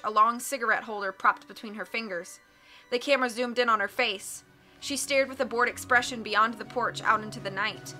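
A woman reading a mystery novel aloud with clear, steady storytelling. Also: on the high side. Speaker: audiobook reader.

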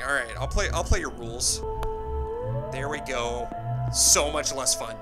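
A young man giving excitable gameplay commentary, mocking himself and shouting when surprised. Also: mid-range voice, moderate pace, over music. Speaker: gaming YouTuber.

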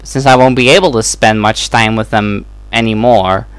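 A man's voice: lowish voice, steady tone, normal speed, smooth, no echo. A young man from the Netherlands giving a casual, hesitant update to his channel, with many ums and restarts. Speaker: YouTube let's-play creator.

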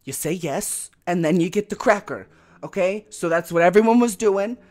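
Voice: medium pitch, normal speed, darkish tone. A podcast co-host telling a story in casual chat, acting out quotes and laughing often.

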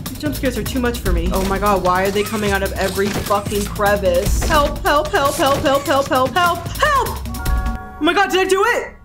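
Panicky swearing young woman streamer. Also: medium pitch. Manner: panicky, repeats herself, swears a lot. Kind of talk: live game commentary. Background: game music.

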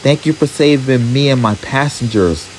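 A man's voice: medium pitch, moderate pace, slight background noise, close to an everyday voice, rough recording. A man voicing a young female train engine who is flustered and relieved after a near crash. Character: young female engine, teasing then grateful.

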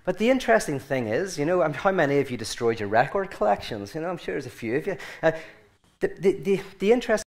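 A man's voice: fairly high pitch, big pitch swings, fast. Irish man, guest speaker, casual and digressive, restarts a lot, humor-laced storytelling. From Ireland. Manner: rambling, self-correcting, joking. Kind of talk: informal talk to a group.

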